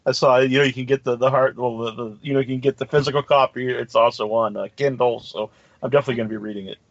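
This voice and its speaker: A man hosting a casual interview, easygoing and halting as he asks questions. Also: medium pitch, steady tone, dry recording, highs cut off. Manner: easygoing, laughs along, halting restarts. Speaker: podcast host.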